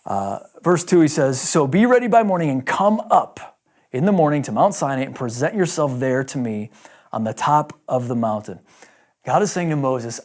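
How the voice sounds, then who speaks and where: A fairly high-voiced man preaching a sermon. He retells scripture in a lively, casual storytelling manner, slipping into voices for the people in the story. His delivery stays conversational, like a pastor talking straight to his congregation. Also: moderate pace. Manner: animated storytelling with acted-out dialogue.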